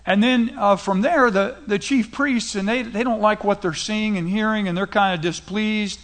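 A man's voice: sits high, fairly even intonation, moderate pace, fairly bright tone. A middle-aged man preaching a sermon, retelling scripture in a casual, conversational paraphrase. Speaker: pastor.

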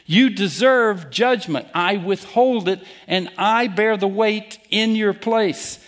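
A pastor delivering a sermon in a slow, unhurried cadence, leaning hard on key words and pressing his points home. His voice sits fairly high for a man and carries an earnest, emphatic drive. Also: a bit bright. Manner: emphatic, deliberate preaching with direct challenges to listeners.

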